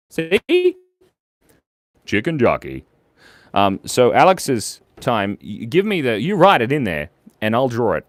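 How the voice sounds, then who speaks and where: Playful man hosting a lively drawing stream. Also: mid-range voice, no echo. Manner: playful, goofy, talks to the chat. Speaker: channel host drawing viewer suggestions. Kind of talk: casual live-stream chat while drawing.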